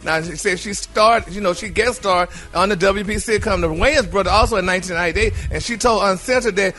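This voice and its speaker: A man co-hosting a morning radio show, telling celebrity gossip in a flamboyant, animated way and calling listeners honey and y'all. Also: high-pitched, a little fast.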